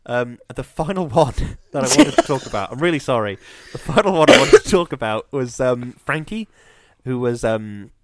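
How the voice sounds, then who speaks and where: Animated man telling a rambling story. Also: mid-range voice, moderate pace, few pauses, no room sound. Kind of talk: casual chat. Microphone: video call.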